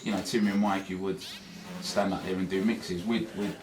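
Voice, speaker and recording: A British man and radio DJ, speaking as a guest to a class about presenting, animatedly acting out examples and shifting his loudness. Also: sits low, steady tone, normal speed, background noise. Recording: roomy classroom, distant mic, music behind.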